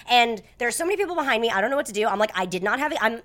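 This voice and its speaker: A young woman co-hosting a casual chat, telling a story with lively acted-out quotes. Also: fairly high pitch, very fast. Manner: animated storytelling, acting out quoted voices. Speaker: podcast co-host.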